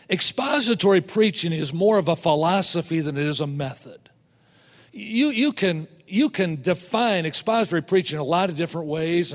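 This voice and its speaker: A man preaching a sermon to fellow preachers, emphatic, repeating words and slowing down to stress points. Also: a little high, in a large hall. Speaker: preacher teaching other preachers.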